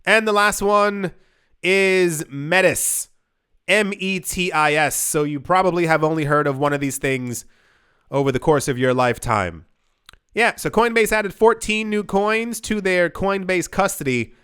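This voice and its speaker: A man's voice: high voice, a little slow, fairly bright tone, smooth. A man hosting a crypto news channel, giving casual commentary with sarcastic, joking asides. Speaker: crypto YouTube host.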